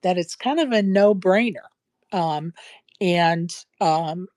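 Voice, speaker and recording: A woman's voice: lowish voice, slow, darkish tone, no echo. A woman hosting a casual podcast chat, talking emphatically and repeating her points for stress, with a case of the hiccups. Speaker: podcast host.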